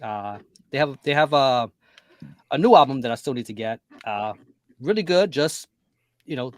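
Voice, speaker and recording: A man's voice: mid-range voice, animated, normal speed, no room sound, studio quality. A man guesting on a podcast, chatting casually in an easygoing, hesitant way with little laughs. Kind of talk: casual podcast chat about metal.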